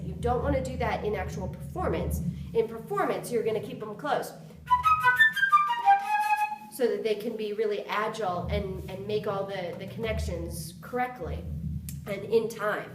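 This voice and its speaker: Over loud music, a woman with a medium-pitched voice speaks at a normal speed, giving a flute lesson. She counts beats aloud and sings articulation syllables to demonstrate. Flute plays in the background, and her voice sounds distant in an echoey room.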